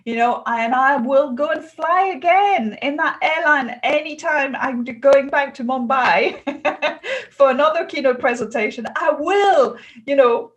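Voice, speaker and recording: A middle-aged woman from France with a French accent, speaking as an interview guest in an earnest, animated way, often laughing between phrases. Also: on the high side, low-quality recording. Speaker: guest, customer experience consultant. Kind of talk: interview conversation.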